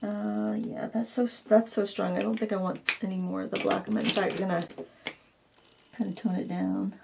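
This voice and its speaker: A woman's voice: medium pitch, flat delivery, normal speed, creaky, background noise. A woman hosting a painting tutorial, casually thinking aloud as she works and candidly admitting she isn't fond of the piece. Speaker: craft video host.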